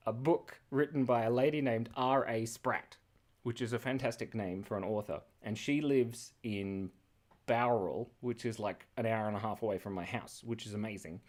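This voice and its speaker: A man's voice: fairly low pitch, normal speed, darkish tone. An Australian man hosting a live drawing stream, chatting in a scattered, rambling way, laughing often and reacting to chat messages. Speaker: livestream host drawing and reading chat.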